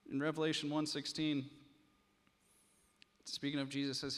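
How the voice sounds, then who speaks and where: A pastor in a church, telling a story with drama and then preaching earnestly. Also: male voice, a little high, little pitch movement, normal speed, a bit bright. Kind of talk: sermon. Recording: long hall reverb.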